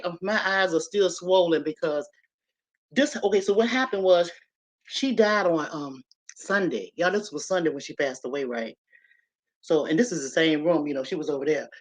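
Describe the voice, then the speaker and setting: A woman's voice: low-pitched, rough recording. A woman telling a story casually on a live stream from her home, talking straight to her viewers, chatty and swearing freely. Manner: chatty, profane, addresses viewers as y'all. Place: at home, moving from kitchen to living room. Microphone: laptop on a live stream.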